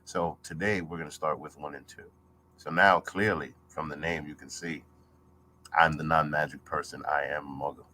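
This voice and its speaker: A man's voice: very deep voice, fairly even intonation, normal speed, sharp tone, poor audio. A man hosting a casual review chat over a video call, exclamatory and laughing, repeating "wow" a lot. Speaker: host.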